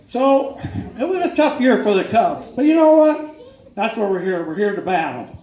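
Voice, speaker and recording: Presenting awards at a banquet, an older man speaks in a high, very animated, warm voice at a moderate pace. He's folksy and full of jokes, talking up every winner with emphatic praise, while the echoey hall picks up the crowd and noise.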